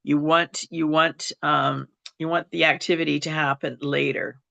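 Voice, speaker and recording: A woman with a Western Canadian accent teaches English over a video call. Her voice sits a little low and carries a gravelly fry, and she keeps things patient, repeating her points and checking in with "okay". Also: level tone, normal speed, bright, forceful tone, muffled recording. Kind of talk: online class teaching.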